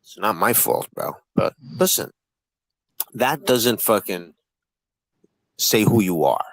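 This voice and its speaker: A man's voice: lowish voice, lively intonation, takes it slowly, fairly bright tone, no echo, poor audio. A man hosting a livestream panel, talking in a profane, taunting and combative way. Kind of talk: heated livestream panel chat.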